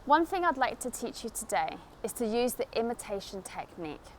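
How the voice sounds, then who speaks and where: A woman with a South East England estuary London accent, giving a spoken English lesson to camera in a clear, deliberate teaching manner. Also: fairly high pitch, very animated, a little hiss or hum. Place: outdoors in a city.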